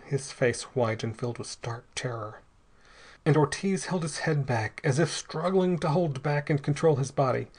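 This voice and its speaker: A man narrating a pulp adventure story in a steady, dramatic storytelling manner. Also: mid-range voice, husky.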